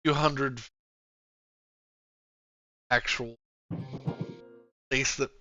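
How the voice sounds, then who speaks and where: A man narrating as game master of a tabletop game, giving halting, unhurried descriptions. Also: medium pitch, steady tone, pushed and bright. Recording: slightly dull sound with faint music.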